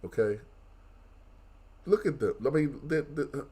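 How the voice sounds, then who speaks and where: A man guest-hosting a wrestling podcast, talking in casual banter with animated, mock-outraged rants. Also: medium pitch, measured pace, pauses often, husky.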